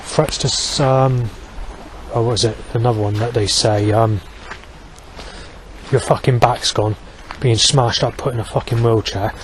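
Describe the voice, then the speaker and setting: A man's voice: medium pitch, steady tone, moderate pace. A man delivers a rambling vlog monologue in his ordinary mid-range voice. He swears constantly, trails off into fillers and restarts his sentences. Faint background noise sits under his speech.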